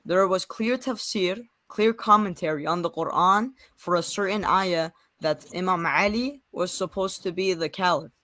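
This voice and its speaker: A young man in a live debate, talking quickly and defending his points. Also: high-pitched, sharp tone, no echo. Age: young adult. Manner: fast, defensive talker. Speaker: debate participant.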